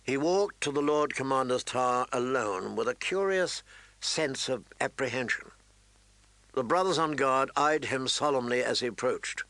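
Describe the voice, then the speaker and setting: A man with a medium-pitched voice narrates a fantasy audiobook in a measured, even storytelling style. The audio is poor, though there is no room sound.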